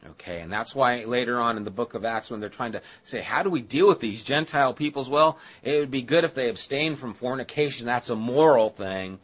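A man's voice: mid-range voice, brisk, few pauses, muffled recording. A male pastor giving a conversational Bible-study sermon, casual and chatty, with asides to the listeners.

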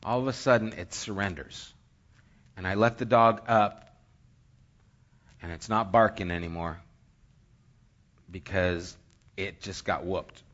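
A man preaching, telling a lively story and acting out scenes, sometimes sinking to a hushed near-whisper. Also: low-pitched, unhurried, long pauses, muffled recording. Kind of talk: sermon storytelling.

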